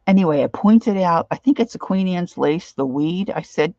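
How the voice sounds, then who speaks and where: A woman's voice: fairly low pitch, animated, measured pace, a little mellow, no room sound, muffled recording. A middle-aged woman chatting casually as she works on a craft project, rambling on and answering viewers' comments.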